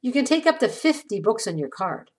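A patient male library worker, as a woman narrator reads him. He answers calmly and gently, reassuring the person he is helping. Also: a little high, fairly quick.

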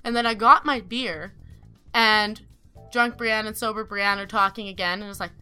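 A woman's voice: mid-range voice, steady tone, moderate pace, bright, forceful tone, clean tone, faint music behind. A young woman from Canada telling a rowdy personal story in casual, swearing chat, laughing as she goes. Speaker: podcast host telling a story.

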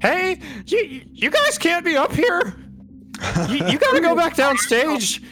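A man voicing a panicked young man in robes who yells in a strained high voice. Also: big pitch swings, a little slow, faint music behind, full character voice. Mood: frantic. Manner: frantic, shouting in a high strained voice.

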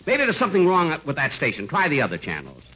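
A man's voice: fairly high pitch, huge pitch swings, fast, a little hiss or hum. A man playing a fussy, vain radio star. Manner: exasperated, sing-song comic timing. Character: vain, fussy male star, easily flustered. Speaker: comedian in a radio sitcom. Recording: muffled old radio broadcast with live studio audience.

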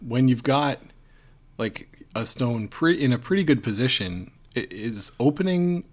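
A man's voice: mid-range voice, expressive, a little slow, a little mellow. A man co-hosting a curling show, breaking down a game in a rambling, thinking-aloud way. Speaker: co-host and curling analyst. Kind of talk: casual sports analysis.

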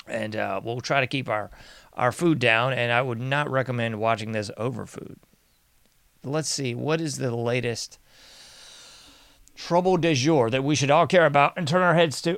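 A man's voice: medium pitch, normal speed, fairly bright tone, clean tone. A male commentary host talks with sarcastic, mocking energy. He often laughs and slips into sing-song refrains. The sound is dry, with no room echo. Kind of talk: casual political commentary.

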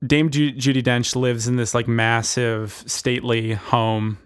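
Man, podcast co-host, casual chat, rambling, playful, many fillers, middle pitch. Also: level tone, a little slow, clear, resonant tone.

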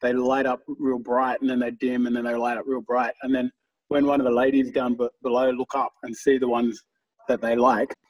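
A man tells loose, rambling stories, swearing freely and laughing along as he goes. His voice is husky and sits a little back from the microphone, with a mid-range pitch. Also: flat delivery, normal speed, distant mic, rough recording. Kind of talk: casual storytelling chat.

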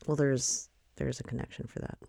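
Raspy, tired woman hosting a podcast. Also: very deep voice, little pitch movement, normal speed, mellow, no echo, studio quality. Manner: rambling, hesitant, many fillers. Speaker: podcast host. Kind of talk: casual chat.

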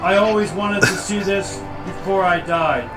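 A man's voice: sits high, a little slow, over music. A man playing a dying man in a wheelchair, heard in a film clip. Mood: weary.

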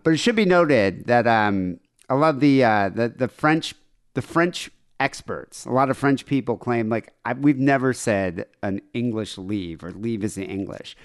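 A man co-hosting a podcast, talking in a relaxed casual chat and explaining things from notes. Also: mid-range voice. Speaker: podcast co-host.

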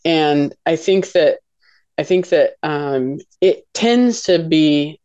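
A woman co-hosting a faith podcast, gently sharing advice on talking with a spouse, with many "um"s and "like"s. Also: low-pitched, animated, takes it slowly, dry recording, lo-fi sound. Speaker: podcast co-host. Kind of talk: casual faith talk.

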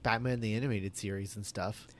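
A man's voice: lowish voice, fairly even intonation, brisk. A man appearing as a guest on a casual podcast chat, easygoing and a little unsure of himself.

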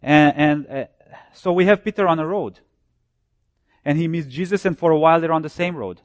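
Preaching at a normal pace, this man builds his points with repeated phrases and goes low and soft whenever he quotes scripture. There's no echo on the recording.

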